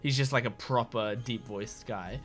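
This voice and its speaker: A man's voice: medium pitch, moderate pace, fairly bright tone. A young man chatting casually over a game playthrough, rambling with many fillers. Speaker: let's play host. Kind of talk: casual game commentary and reading dialogue aloud. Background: faint game music.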